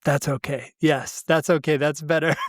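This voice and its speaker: Man, podcast co-host, casual storytelling, animated, acts out dialogue, laughs a lot, slightly high voice, dry close sound. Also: unhurried, no room sound.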